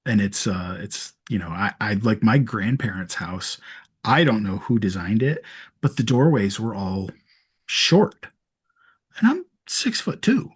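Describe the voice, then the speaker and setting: Casual podcast guest: a man with a husky voice, chatty storyteller. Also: on the low side, sing-song, unhurried. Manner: storytelling with laughs and many restarts. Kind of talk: casual chat.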